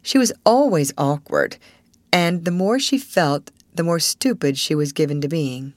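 A woman narrating a classic novel aloud with an expressive storytelling cadence. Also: low-pitched, measured pace, no room sound. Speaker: audiobook narrator.

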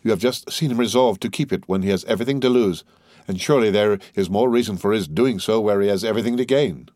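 A man's voice: on the low side, fast talker, a little mellow, no room sound, studio quality, natural voice. A man voicing a refined, curious French society lady in an audiobook, raising his voice into an inquisitive, politely insistent tone.

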